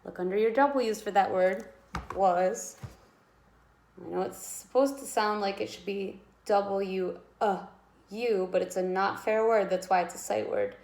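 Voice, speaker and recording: A woman teaching a kindergarten writing lesson, sounding out letters slowly and encouraging young children. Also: mid-range voice, darkish tone, reverberant.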